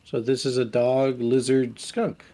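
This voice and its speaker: A man's voice: medium pitch, little pitch movement, unhurried, mellow. A man co-hosting a casual game stream, making wry joking asides. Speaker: stream co-host. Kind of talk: casual let's-play chat.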